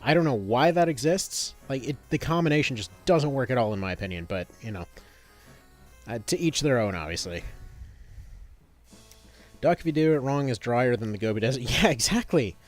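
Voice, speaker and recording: A man's voice: medium pitch, expressive, normal speed, long pauses, soft background music. A man in his thirties chatting casually as he streams a game, rambling with lots of fillers and restarts. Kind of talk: casual gameplay commentary.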